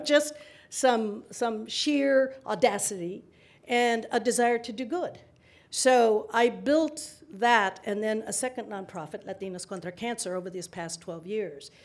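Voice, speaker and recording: A woman in her sixties, a panel guest at a public forum, telling her story in an animated way with laughs between remarks. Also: fairly high pitch. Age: 60s. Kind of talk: conversational storytelling at a live forum.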